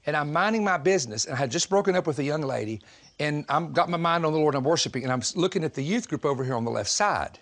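A man from the southern United States preaching a sermon, telling stories in an animated, joking way and laughing often. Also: a little high, quick pace. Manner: animated, humorous storytelling with frequent laughter.

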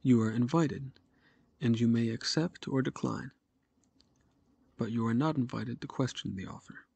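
A man voicing a haughty male noble envoy who speaks brusquely and gruffly. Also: medium pitch, measured pace, darkish tone. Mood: curt.

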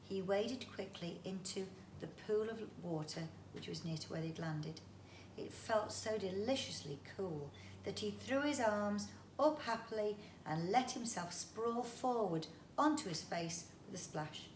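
A woman's voice: medium pitch, expressive, unhurried. A woman reading a children's book aloud, with chatty asides to the listener. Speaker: storyteller. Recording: roomy echo, faint background noise.

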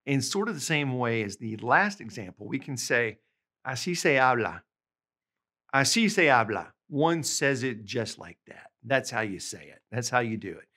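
A man teaching a language lesson, patiently explaining examples and slowing down to say the phrases clearly. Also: medium pitch, big pitch swings, pushed and bright. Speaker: language tutor.

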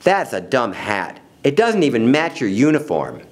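A man's voice: medium pitch, wildly swooping pitch, normal speed. A man voicing a big, bossy young female elephant bully in a storybook, with a sneering, taunting manner.

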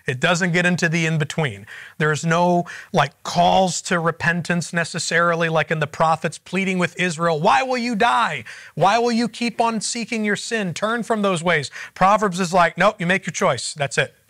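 Guy running a bible study class, talks it through casually, slightly higher voice. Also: fairly bright tone, no echo. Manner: conversational, explaining and prompting questions.

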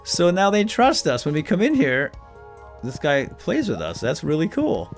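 A man's voice: a little high, normal speed. Guy doing playful let's play commentary, voice jumps all over, chats to game characters, some music behind. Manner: animated, jokey, talks to game characters. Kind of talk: casual gameplay commentary.

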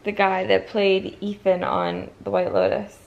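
A woman vlogging casually at home, playful and teasing, quick to laugh. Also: medium pitch, very animated, vocal fry, lo-fi sound. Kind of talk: casual home vlog chat. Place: home kitchen and living room. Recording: noisy home recording.

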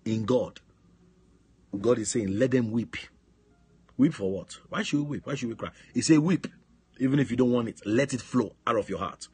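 A man preaching with fervor, his voice deeply husky and raspy. He leans on phrases and throws questions back to his listeners, the way a pastor drives home a point. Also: moderate pace, pauses often, darkish tone. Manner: emphatic preaching with call-and-response questions. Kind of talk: sermon on a prayer line. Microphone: phone line.

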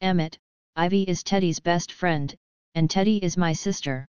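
A woman's voice: lowish voice, normal speed, darkish tone, clear, resonant tone, dry recording, dull audio, close to an everyday voice. A woman voicing a stern, protective young man who lectures his friends, in an audiobook.

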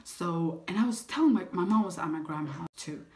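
Animated eighteen-year-old woman telling a story. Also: on the low side, a little fast. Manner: animated, dramatic retelling with whispered asides. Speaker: vlogger. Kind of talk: storytime vlog.

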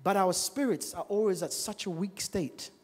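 A male preacher giving a church sermon, animated and full of rhetorical questions to the congregation. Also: high voice, normal speed, slightly rough. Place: church service. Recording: long reverb of a large church hall.

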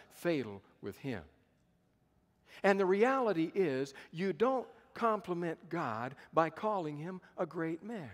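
A pastor in his fifties preaching a sermon at a conference, telling the story dramatically with emphatic repetition. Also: fairly high pitch. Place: conference hall. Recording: long hall reverb.

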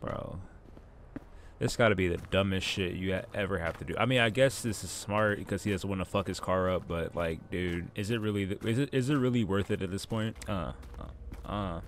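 A man's voice: sits low, moderate pace, slight background noise. A man giving casual gameplay commentary, joking, swearing and talking to himself. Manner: joking, profane, talks to himself. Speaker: gaming YouTuber.

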